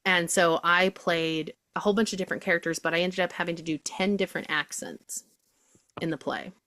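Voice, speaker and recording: Theatre actress lady chatting, lowish voice, dry close sound, jumps into accents for fun. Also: brisk, no room sound. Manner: animated storyteller, slips into put-on accents. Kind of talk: casual interview chat.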